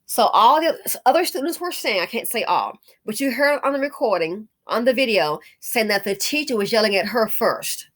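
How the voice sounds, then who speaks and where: A woman's voice: on the high side, animated, moderate pace, few pauses, fairly bright tone. A middle-aged woman in casual commentary, indignant and emphatic, repeating her points and calling the listener honey.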